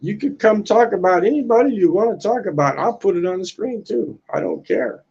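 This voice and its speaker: A man's voice: high voice, big pitch swings, fairly quick, gravelly, darkish tone, slightly rough, muffled recording. A man in his sixties from the United States, rambling crudely on a casual livestream, tacking "man" onto his lines, outdoors on a balcony. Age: 60s. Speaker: livestream host.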